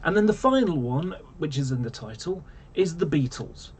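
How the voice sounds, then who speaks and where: A man's voice: on the high side, very animated, moderate pace, slight background noise. A man ranting casually to camera, rambling and exasperated, full of fillers and restarts. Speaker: vlogger.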